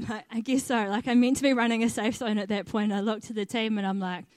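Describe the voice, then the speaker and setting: Telling a heartfelt faith story from her volunteer work, this young adult team leader gives her testimony earnestly, with occasional self-directed laughter. Her slightly high, a little mellow voice keeps a steady tone and a slightly quick pace on a dry recording.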